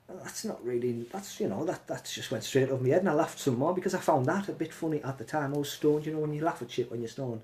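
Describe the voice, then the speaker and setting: A man's voice: on the high side, animated, fast, hardly any pauses, a little mellow. Blunt, sweary man on a phone live stream. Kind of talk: casual live stream rant.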